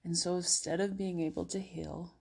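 A woman hosting a casual self-help podcast, talking in a gentle, encouraging way with many fillers and slipping at times into soothing guided relaxation. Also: fairly low pitch, fairly even intonation, moderate pace, creaky, breathy edge. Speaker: podcast host.

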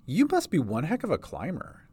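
A man voicing a kind young woman cleric who speaks softly and comfortingly in a storybook reading. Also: fairly high pitch, huge pitch swings, moderate pace, husky, no echo, pitched above the performer's own voice, exaggerated voice. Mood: soothing. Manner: soft, comforting.

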